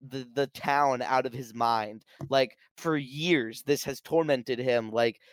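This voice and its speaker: In a casual film discussion, a man excitedly retells scene after scene, slipping in little acted-out quotes. His smooth, resonant, middle-pitched voice moves slowly, captured dry and close with no room echo.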